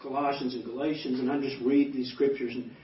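A man in his fifties, a pastor giving a personal testimony, animated and acting out quoted dialogue as he tells stories. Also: medium pitch, fairly quick. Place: banquet hall. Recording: echoey hall, distant dull mic.

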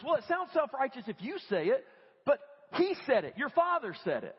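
A man preaching a lively, conversational sermon in a church and acting out what people say. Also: very high-pitched, brisk. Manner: animated, conversational, acts out quoted voices. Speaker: guest preacher. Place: church sanctuary. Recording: dull lo-fi audio with long church reverb.

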